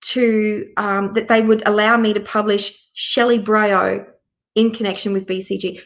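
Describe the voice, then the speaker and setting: A woman's voice: medium pitch, creaky, poor audio. Emphatic woman, middle-aged. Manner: emphatic, repeats key phrases for force. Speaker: guest sharing her story. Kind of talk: personal testimony in a live chat.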